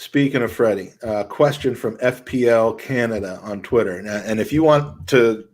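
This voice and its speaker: A man's voice: fairly low pitch, normal speed, darkish tone. A man co-hosting a casual football podcast, easygoing and using uh fillers as he reads out listener questions. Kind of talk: casual chat.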